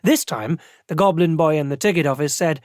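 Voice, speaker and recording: A man's voice: on the high side, dry recording, close to an everyday voice. A man reading as a thoughtful prelate, dry studio. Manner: measured, expressive storytelling. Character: thoughtful male prelate narrator. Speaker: audiobook narrator. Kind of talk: scripted audiobook narration. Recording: dry close studio sound.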